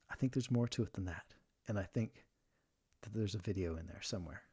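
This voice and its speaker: A man's voice: lowish voice, brisk, warm tone, breathy edge. A man hosting a casual livestream, chatting and reading jokes aloud while sleeving trading cards. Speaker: livestream host.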